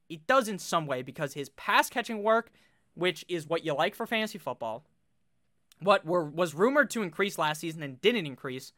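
A man gives fast, blunt fantasy football commentary, reeling off statistics and swearing casually. His voice sits a bit high and sounds bright and forceful. The recording is dry and close, with no room echo.

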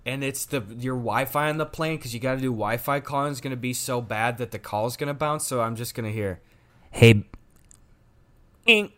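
A young man from Minnesota co-hosting a podcast, telling stories in a lively, swearing, casual way. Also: mid-range voice, fast talker, hardly any pauses. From Minnesota, United States. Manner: animated storyteller, swears a lot. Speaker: podcast co-host. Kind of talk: casual chat.

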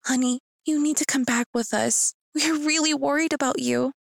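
A woman's voice: sits high, fairly even intonation, moderate pace, creaky, dry recording, clean studio sound, pitched above the performer's own voice. A woman voicing an anxious pleading mother. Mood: worried. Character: worried pleading middle-aged mother.

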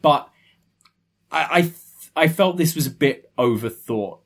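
A man's voice: fairly high pitch, lively intonation, a little slow. A man co-hosting a podcast, thoughtfully giving his review in casual chat, often restarting his sentences. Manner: thoughtful, hesitant, with repeated restarts. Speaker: podcast co-host.

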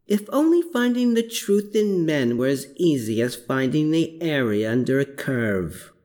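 A narrator voicing a clever, wry woman, pitched above their own voice. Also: big pitch swings, measured pace, darkish tone.

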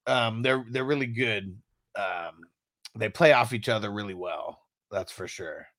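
A man's voice: lowish voice, unhurried, fairly bright tone, no echo, studio quality. A man co-hosting a casual movie review, laughing often and mimicking punch sounds. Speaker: podcast co-host.

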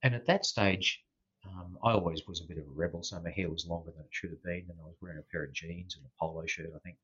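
An Australian man, a former police officer, telling a story in a casual interview, unhurried and full of fillers and restarts. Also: low voice, fairly even intonation, a bit bright, slightly rough, highs cut off.

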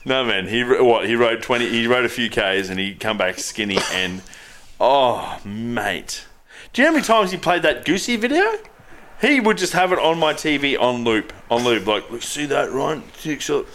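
A man's voice: medium pitch, sing-song, moderate pace, fairly bright tone. A man co-hosting a podcast, swearing freely while he tells mocking stories about mates. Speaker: podcast co-host. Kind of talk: casual banter.

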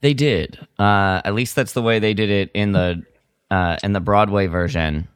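A man co-hosting a podcast, chatting in a laid-back, easygoing way with filler pauses. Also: lowish voice, smooth, no room sound, clean studio sound. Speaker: podcast co-host. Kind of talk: casual chat.

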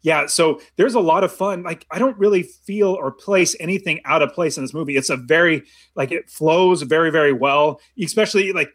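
A man's voice: fairly high pitch, moderate pace, hardly any pauses, fairly bright tone. A man co-hosting a casual movie discussion, rambling with many restarts and frequent laughs. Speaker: podcast co-host.

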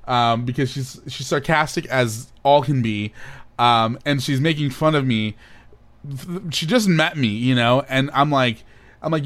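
A young man co-hosting a casual chat show, telling a story in an animated, laughing way with playful overacting. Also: mid-range voice, a little slow. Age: young adult. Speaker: podcast co-host.

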